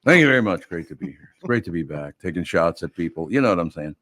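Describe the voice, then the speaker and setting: A man's voice: deep voice, lively intonation, fast talker, noisy background. An older man hosting a radio show, chatting casually in a wry, rambling, self-mocking way. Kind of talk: casual chat.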